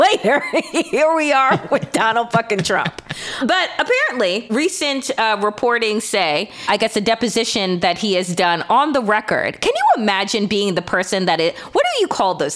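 A woman co-hosting a political podcast, talking in a high voice that rises and falls freely. She is sarcastic and blunt, swears casually, and keeps laughing at her own points. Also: very animated, moderate pace, fairly bright tone. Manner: profane, sarcastic, laughs often. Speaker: podcast co-host.

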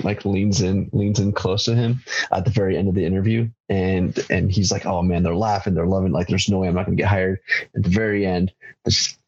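Low husky man telling stories. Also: highs cut off. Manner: loose, halting, fills with ums. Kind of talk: casual storytelling chat.

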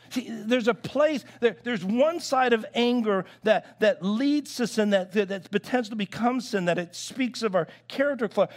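A male pastor preaching a sermon in church, telling stories with acted-out quotes and frequent restarts. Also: sits high. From United States.

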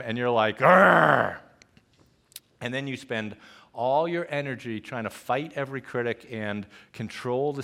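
A male pastor delivering a lively sermon in a church, joking and growling playfully to make his points. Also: mid-range voice. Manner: animated, jokey preaching with playful growls.

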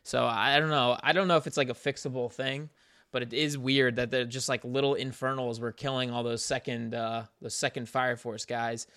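Bright, crisp Southern man chatting. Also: medium pitch, fairly even intonation, moderate pace, dry recording, clean studio sound. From American South. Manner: opinionated, rambling with fillers. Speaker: podcast co-host. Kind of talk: casual chat about anime.

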